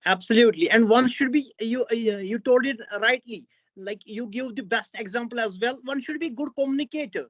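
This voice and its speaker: A Kashmiri woman with an Indian English accent, a learner in an English practice chat, agreeing readily and pausing on many fillers. Her voice sits a little high. The recording is dry and dull, with the top end missing. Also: dry recording.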